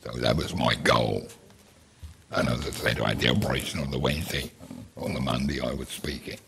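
A man's voice: a bass voice, fairly even intonation, fairly quick, vocal fry, very noisy. A man with a London accent speaking plainly and with determination on a conference panel. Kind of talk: casual panel discussion.

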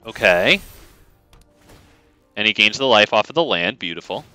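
Lively, bright-voiced male game streamer. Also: fairly low pitch, moderate pace, dry recording, faint music behind, low-quality recording. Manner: joking, sarcastic, rambling with chat. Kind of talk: casual gameplay commentary.

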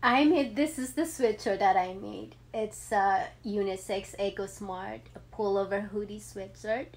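A woman in her thirties talking heartfelt and emotional in a personal vlog, with many ums and pauses. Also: mid-range voice. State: emotional, near tears. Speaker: vlogger.

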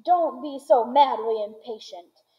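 A woman reading aloud voices an excitable, eccentric male candy maker who talks in bursts of boastful exclamation. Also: fairly high pitch, unhurried, highs cut off, close to an everyday voice. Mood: impatient.

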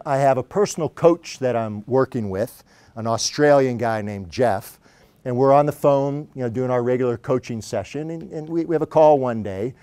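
A man, a company founder, giving a candid, animated storytelling talk to a university audience. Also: mid-range voice, clean tone, no room sound. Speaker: company founder, guest speaker.

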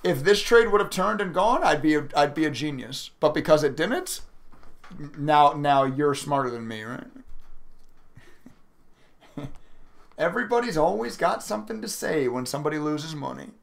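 A young man talks to his live-stream chat while he trades, his voice gravelly and pitched a little high. He vents his frustration, swearing and reacting to viewers' messages in a loose, casual way. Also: animated, normal speed, pauses often. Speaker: day trading livestreamer.

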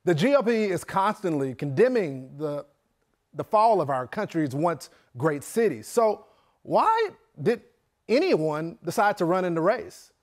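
A man's voice: high-pitched, big pitch swings, a little slow, darkish tone. A man hosting a cable news segment, delivering a scripted, opinionated monologue with emphatic delivery. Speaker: news host.

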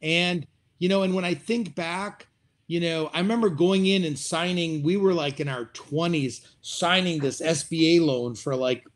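A middle-aged man with a slightly raised pitch, talking as a restaurateur guest over a video call. He speaks reflectively, pausing and filling gaps with fillers as he works through his thoughts. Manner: reflective, hesitant with many fillers. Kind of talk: interview conversation.

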